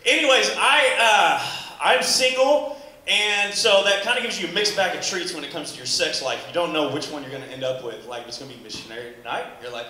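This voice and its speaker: Performing stand-up in front of a club audience, a fast-talking man with a fairly high voice rambles through animated stories and acts out his own exclamations. The room is echoey, and the crowd can be heard.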